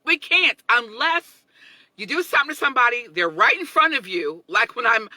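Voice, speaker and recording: A woman in her thirties, hosting a casual motivational talk, chatty and expressive, laughing often and greeting viewers by name. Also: fairly high pitch, moderate pace, rough recording. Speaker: motivational livestream host.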